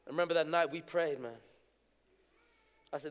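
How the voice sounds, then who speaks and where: A male preacher telling his testimony in an animated sermon, moving between hushed storytelling and shouting. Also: on the high side, fairly quick, pauses often. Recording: echoey hall reverb.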